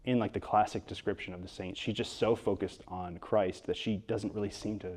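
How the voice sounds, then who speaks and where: A man being interviewed about his book in front of an audience, telling stories in a lively way with quick asides and frequent restarts. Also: on the low side. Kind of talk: storytelling interview talk before an audience. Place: event hall with an audience.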